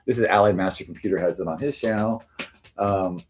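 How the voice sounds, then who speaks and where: A man's voice: low-pitched, fairly quick, a little hiss or hum. A man chatting casually on a livestream, rambling with many fillers and restarts. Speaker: streamer.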